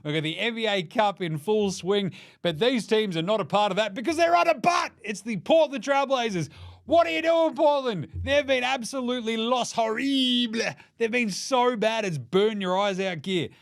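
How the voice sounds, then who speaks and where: An Australian man giving a comedic basketball ranking rant, mocking and full of quick jokey asides. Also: sits high, a bit bright. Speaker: basketball commentator.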